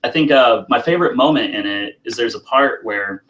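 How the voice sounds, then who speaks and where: A man's voice: mid-range voice, moderate pace, fairly bright tone, poor audio. A man, a guest prop maker, telling a self-deprecating story in casual chat. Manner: laughing, self-deprecating anecdote.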